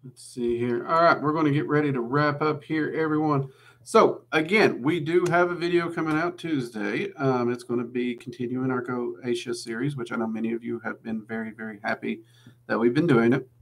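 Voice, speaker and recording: Man, Southern US accent, gravelly voice, mid pitch, chatty rambling livestream host. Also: fairly even intonation, a little fast, fairly bright tone. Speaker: livestream host answering viewer questions. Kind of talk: casual livestream Q&A.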